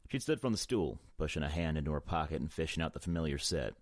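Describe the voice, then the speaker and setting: A man narrating an audiobook in the first person with a measured, brooding delivery. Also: rumbling low, lively intonation, dry recording, studio quality.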